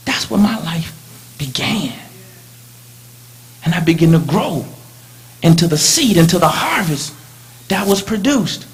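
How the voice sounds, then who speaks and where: A man preaches dramatically, recounting his own story as he shifts from booming lines to quiet ones. He speaks slowly in a high, sing-song voice, pausing frequently, with slight background noise.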